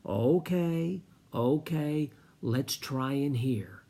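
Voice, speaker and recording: A man's voice: mid-range voice, expressive, dark tone. A man doing a kind, soothing policeman. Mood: reassuring. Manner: slow, soothing, reassuring. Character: kind gentle adult male policeman.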